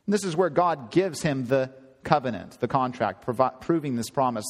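A man preaching a conversational sermon, often climbing higher in pitch for emphasis. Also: normal speed. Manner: conversational, animated, rising to high emphasis. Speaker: pastor. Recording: long hall reverb.

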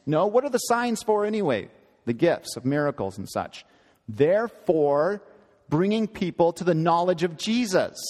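Man, preacher, sermon, earnest and emphatic, a bit high-pitched, long reverb. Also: a little mellow. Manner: earnest, emphatic teaching with repetitions and self-corrections.

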